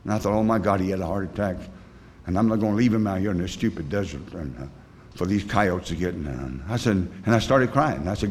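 A man's voice: lowish voice, expressive, brisk, a little hiss or hum. A man sponsoring others in recovery, telling a personal story in a folksy, rambling way, with plain rural grammar and many fillers.

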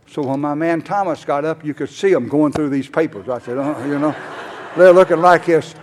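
There's a little hiss or hum as an older man addresses a conference hall in a slightly mellow voice on the high side, at a moderate pace. He shares a rambling, folksy testimony with many "uh"s, playing out both sides of the conversations he describes.

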